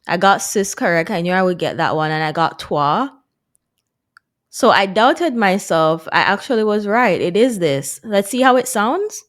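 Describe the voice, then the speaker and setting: A woman's voice: medium pitch, lively intonation, moderate pace. A woman vlogging casually to her viewers as she works through a language course, chatty and laughing at her own mistakes. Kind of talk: casual vlog chat to viewers.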